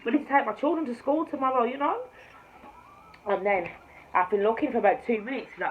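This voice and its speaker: A woman with a Jamaican-tinged accent, a tarot reader, telling her spiritual testimony to camera in an emphatic storytelling manner, swinging between hushed and loud. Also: on the high side, quick pace, pauses often, a little hiss or hum. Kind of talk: personal testimony told to camera. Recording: slightly dull recording with faint room ambience.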